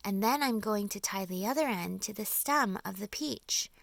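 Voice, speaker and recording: A woman voicing a calm, determined young boy in an audiobook, explaining earnestly and steadily. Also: medium pitch, normal speed, creaky, dry recording, close to an everyday voice. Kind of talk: audiobook character voice.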